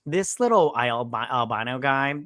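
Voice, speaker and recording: A man's voice: mid-range voice, moderate pace, no room sound, studio quality. A man co-hosting a movie review, talking casually, swearing freely and acting out the characters as he retells the plot. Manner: animated retelling, swearing, acts out lines. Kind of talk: casual chat.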